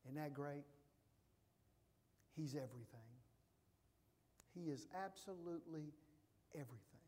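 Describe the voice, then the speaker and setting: A man preaching a sermon as pastor, emphatic, swinging from hushed asides to loud declarations. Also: on the high side, normal speed, long pauses, in a large hall.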